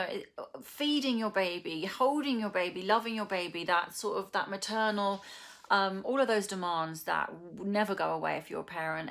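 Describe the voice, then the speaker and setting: A middle-aged woman with an English accent, chatting casually and reading poetry aloud, soft and emotional with breathy whispered asides. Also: on the low side. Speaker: vlogger.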